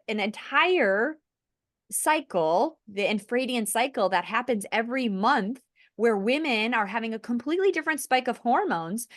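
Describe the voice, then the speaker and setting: A woman hosting a casual podcast conversation, earnest and animated, laughing lightly between points. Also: a little high, no echo, clean studio sound. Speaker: podcast host.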